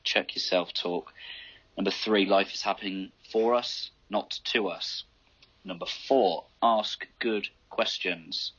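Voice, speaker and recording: A man's voice: fairly low pitch, slow pace, a bit bright, husky, dull audio. A man hosting a podcast interview, encouraging and summing up what his guest says. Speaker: podcast host.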